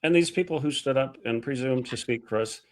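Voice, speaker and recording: A man's voice: mid-range voice, fairly quick. Indignant man hosting an interview. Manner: indignant, rising to outrage. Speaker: host. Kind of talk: heated interview.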